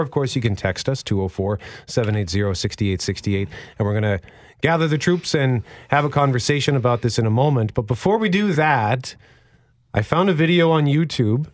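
A man's voice: medium pitch, no room sound, studio quality. A man hosting a radio talk show, chatting casually and rambling with frequent restarts. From Canada. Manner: rambling, self-deprecating, many restarts. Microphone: studio microphone.

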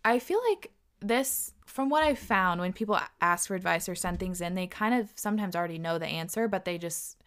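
A woman's voice: on the low side, a little fast, few pauses, clean tone. A young woman reading follower messages aloud and giving earnest, heated relationship advice. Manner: earnest, gets heated, repeats pleas.

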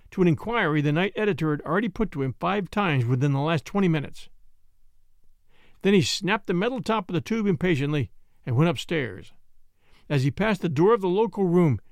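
Male audiobook narrator, high voice, very lively, close mic, dry room. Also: no room sound. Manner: expressive storytelling. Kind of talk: scripted narration.

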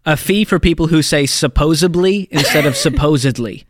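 A man co-hosting a call-in money show from a studio, chatting casually with wry jokes and quick asides. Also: fairly high pitch, fairly bright tone, a little hiss or hum.

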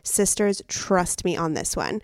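A woman's voice: fairly low pitch, sing-song, unhurried, no echo. Young female co-host, upbeat scripted ad read, dry close mic. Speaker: podcast co-host.

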